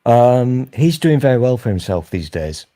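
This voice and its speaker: A man's voice: mid-range voice, big pitch swings, moderate pace, dark tone. A man in his forties hosting a casual sofa chat, rambling along in a sweary, mischievous way. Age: 40s. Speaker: host.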